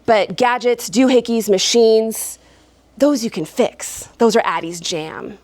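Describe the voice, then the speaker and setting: A woman tells a folksy fairy tale live before an audience, playful and quick to chuckle. Her voice sits a bit high, and she drops in asides to the crowd. The sound is dry and close. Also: a little mellow, no room sound. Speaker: storyteller. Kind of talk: live oral storytelling.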